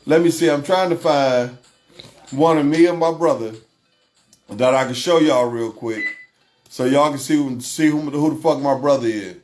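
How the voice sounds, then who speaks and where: A man's voice: mid-range voice, normal speed, darkish tone, faint music behind. A man hosting a casual livestream, reading chat aloud, swearing freely and laughing often. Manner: profane, laughs often, repeats himself.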